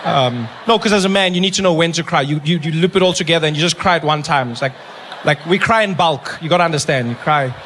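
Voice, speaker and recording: Animated South African comedian, high voice. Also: male voice, fast, slight background noise. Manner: animated storytelling with acted-out voices. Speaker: stand-up comedian. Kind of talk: stand-up comedy routine. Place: live comedy venue with audience.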